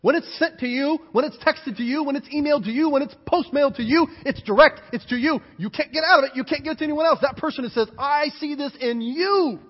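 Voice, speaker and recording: A man's voice: very high-pitched, quick pace, few pauses. Pastor, male, emphatic sermon delivery in a reverberant sanctuary, muffled lo-fi sound. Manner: animated, emphatic preaching with repeated lists. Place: church sanctuary. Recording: dull, hall-reverberant church recording.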